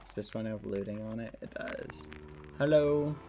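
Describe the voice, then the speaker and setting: A man's voice: lowish voice, moderate pace, vocal fry, over music. A man streaming a game, chatting casually with his viewers and rambling through a story full of fillers, from his room at home. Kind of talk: casual gameplay stream chat.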